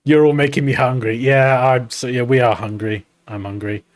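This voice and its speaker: A man's voice: mid-range voice, steady tone, normal speed. A young man hosting a livestream, chatting casually with viewers and a partner, laughing easily and cooing at his cat. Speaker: livestream host.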